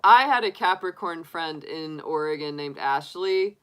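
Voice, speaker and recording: A woman's voice: deep voice, expressive, measured pace, clear, resonant tone. A middle-aged woman hosting a tarot livestream, chatting casually with viewers, laughing often and filling her talk with likes and restarts. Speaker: tarot reader livestream host. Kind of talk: casual chat to live viewers.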